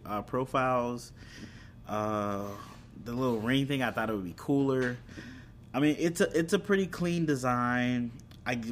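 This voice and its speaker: A man's voice: mid-range voice, slight background noise. A man chatting casually about anime and streaming apps, rambling and correcting himself as he goes. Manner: rambling, self-correcting, laughs at own slips. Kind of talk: casual chat.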